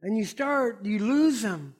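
Middle-aged male pastor, fiery emphatic sermon, high voice that leaps all over. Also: lively intonation, unhurried, a little mellow.

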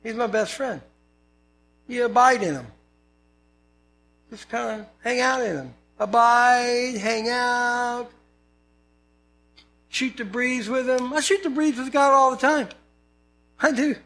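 Very high-voiced, slow-preaching man. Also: sharp tone. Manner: conversational, earnest preaching with scripture readings. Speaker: pastor. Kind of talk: sermon.

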